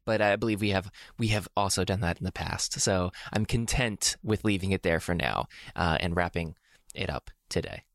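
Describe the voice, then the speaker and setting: A man co-hosting a podcast in casual chat, talking hesitantly with lots of pauses. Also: low-pitched, a bit bright, dry recording, clean studio sound. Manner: hesitant, many fillers and restarts. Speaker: podcast co-host.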